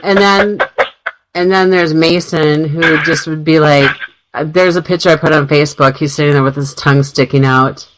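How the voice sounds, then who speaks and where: A woman's voice: deep voice, steady tone, moderate pace, noisy background. A middle-aged woman co-hosting a radio talk show, telling family stories in a chatty way and laughing often. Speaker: radio co-host. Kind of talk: casual radio chat.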